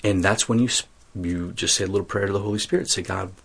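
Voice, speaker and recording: Man, very deep voice, husky, earnest, self-mocking, interview guest. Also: fairly even intonation, fast. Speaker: guest telling his vocation story. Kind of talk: casual storytelling interview.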